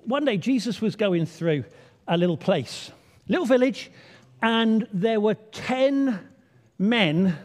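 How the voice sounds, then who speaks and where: A man's voice: high-pitched, a little mellow. A man, playful and chatty as he draws the congregation in. His voice rings out with a long reverb from a large church hall. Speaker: church leader. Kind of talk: all-age children's talk.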